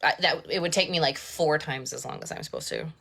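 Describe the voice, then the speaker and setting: A woman with a notably low, deep voice speaks casually on a live stream. She is an audiobook narrator, chatty and candid, with a self-deprecating edge. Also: big pitch swings, fairly quick, creaky, fairly bright tone, breathy edge.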